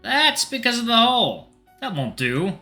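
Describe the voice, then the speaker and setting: A jumpy young male student, played by a man, with a high, bright voice that swings widely. He sounds cheeky and easily flustered, with music faintly underneath. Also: big pitch swings, moderate pace, exaggerated voice. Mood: bickering.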